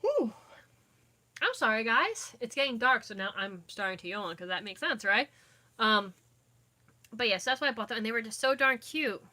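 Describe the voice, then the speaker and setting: This young vlogger's voice is on the high side, expressive, bright and forceful, at a moderate pace. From inside her dim home, filmed on a phone camera, she rambles through a casual live chat and loses her train of thought.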